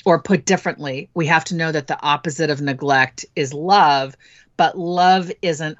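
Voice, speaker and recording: A middle-aged woman talks frankly as a podcast guest and drifts into reflective stories from her own life. Her voice sits fairly low. The recording is dry and a little dull, with the lo-fi feel of a podcast mic. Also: normal speed, no room sound. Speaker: parenting guest. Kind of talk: conversational podcast interview.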